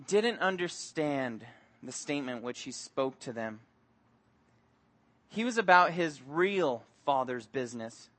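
A man preaching a sermon, telling stories in a lively way and acting out the voices in them. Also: on the high side, unhurried. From Mexico. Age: adult with young son. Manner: animated storytelling, acts out voices. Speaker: pastor.

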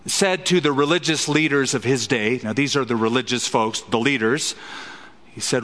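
A man's voice: mid-range voice, moderate pace, a bit bright, long reverb tail. A man preaching an expository sermon as a pastor, emphatic and fond of rhetorical questions.

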